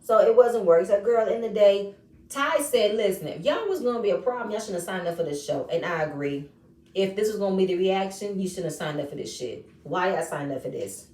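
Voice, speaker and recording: A woman recapping a reality show episode in casual, animated commentary, acting out the quoted lines in changing voices. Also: medium pitch, fairly quick, recorded from a distance. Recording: echoey room, voice set back from mic.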